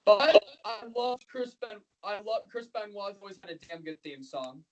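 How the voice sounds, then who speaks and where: A man's voice: high-pitched, lively intonation, moderate pace, low-quality recording. Male podcast co-host, casual chat, rambling and repetitive, openly emotional.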